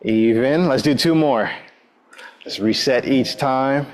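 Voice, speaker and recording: A man's voice: mid-range voice, slow pace. A man leading a guided exercise class, giving upbeat, encouraging cues and counting down between moves, often saying "all right". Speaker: exercise instructor.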